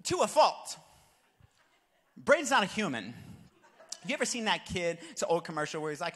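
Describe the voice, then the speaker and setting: A young adult man, a pastor, preaching with animated, jokey storytelling that builds to shouted exhortation. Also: high voice, brisk. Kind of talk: sermon with storytelling. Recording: long reverb of a large hall.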